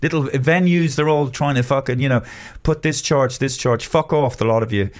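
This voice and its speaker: An older man holds forth on a casual comedy podcast. He rants freely, swearing often and slipping into mock voices. His pitch sits in the middle range. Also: moderate pace. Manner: sweary, ranting, puts on voices. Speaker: podcast host.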